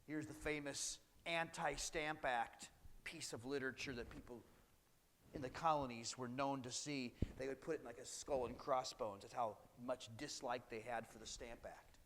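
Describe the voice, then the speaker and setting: A man's voice: medium pitch, steady tone, moderate pace, a bit bright, in a large hall. A male history teacher giving a classroom lecture in a conversational way, now and then acting out historical speakers. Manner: conversational, acts out British and colonist voices.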